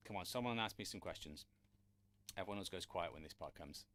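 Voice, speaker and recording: A man's voice: low voice, quick pace, a bit bright. Chatty man teaching drums live. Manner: chatty, encouraging, asks viewers for questions. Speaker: drum teacher. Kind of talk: live-streamed drum lesson. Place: room with a drum kit. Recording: drums and counting heard behind.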